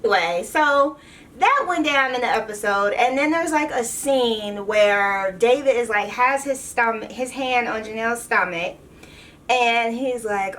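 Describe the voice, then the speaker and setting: A woman with a slightly high voice recaps a reality show in a casual vlog. Her talk is blunt and sassy. She sits a little away from the microphone. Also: a little slow, a bit bright, far from the mic. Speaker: vlogger.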